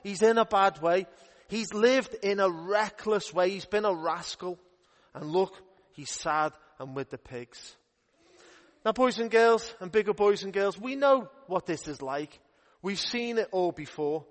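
A young man working as a youth minister, telling a Bible story to children in a playful, upbeat way. His voice sits fairly high for a man. The church hall around him adds a long, ringing reverb. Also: expressive, measured pace.

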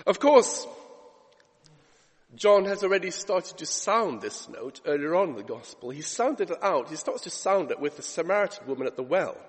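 A man's voice: fairly high pitch, very animated, normal speed, husky, long reverb tail. A man preaching a sermon as pastor, retelling scripture stories in a conversational way that builds to emphatic preaching. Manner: storytelling, rising to emphatic preaching. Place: church.

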